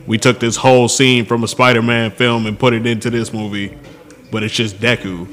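A young man talking anime with friends in a relaxed, dismissive drawl full of slang. His voice carries a long reverb. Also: medium pitch, fairly quick. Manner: laid-back, dismissive slang. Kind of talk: casual anime chat with friends.

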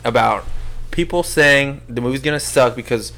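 A man chatting casually with friends, relaxed and joking, often saying "dude" and "bro". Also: medium pitch, moderate pace, crowd noise. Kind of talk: casual chat.

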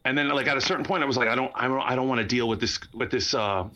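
A man's voice: medium pitch, racing, bright, forceful tone. A man hosting a podcast, chatting casually, rambling and laughing often at his own jokes. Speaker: podcast host.

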